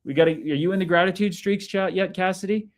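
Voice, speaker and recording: A man's voice: high voice, fast talker. A man hosting a casual livestream, reading viewer comments aloud, swearing freely and cheering his viewers on. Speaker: livestream host reading chat.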